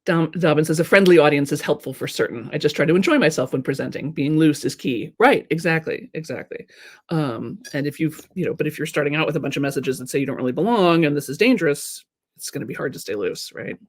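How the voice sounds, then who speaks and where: A woman's voice: deep voice, animated, quick pace, a little mellow, slightly rough. Playful teasing woman coaching live. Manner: playful, teasing, keeps checking in with "right?"; acts out quoted people in mock voices. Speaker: creativity and marketing coach. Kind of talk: live coaching talk to an online audience.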